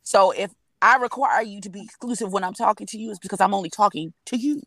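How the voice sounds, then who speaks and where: Woman panelist in a car, candid, lively, dry sound. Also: medium pitch, fast talker, no room sound. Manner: candid, animated storytelling. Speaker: review panel guest. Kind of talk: casual chat. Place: sitting in a car.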